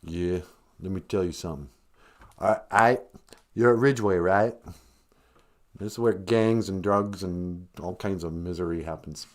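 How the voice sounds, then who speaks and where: A man voicing a gruff local man who gives directions in a low, muttering voice in a comedy sketch. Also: a little mellow, lightly acted.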